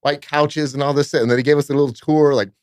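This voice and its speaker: A man's voice: a little high, steady tone, quick pace, a little mellow, clear, resonant tone, no room sound, studio quality. A man from California, a nightclub promoter, telling long rambling, profane stories as a podcast guest. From Fresno, California. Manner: rambling, profane, peppered with "blah, blah, blah". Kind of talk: casual storytelling in a podcast interview.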